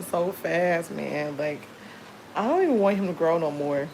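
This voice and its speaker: A woman's voice: sits low, animated, moderate pace, darkish tone, slight background noise, low-quality recording. A woman chatting casually on a livestream from home, telling rambling stories full of fillers. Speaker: livestream host.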